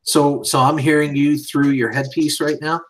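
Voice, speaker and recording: A man's voice: fairly high pitch, flat delivery, moderate pace, poor audio. A man hosting a casual livestream, easygoing, reading viewer comments aloud and laughing along. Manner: easygoing, laughs, reads out chat.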